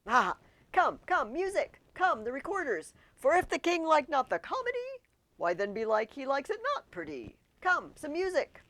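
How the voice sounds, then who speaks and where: A giddy young prince, bitter and manic, voiced by a woman in a theatrical verse reading. The voice swoops widely and has a gravelly edge. It sits close and dry. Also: a little high, big pitch swings, moderate pace, no room sound, pitched above the performer's own voice.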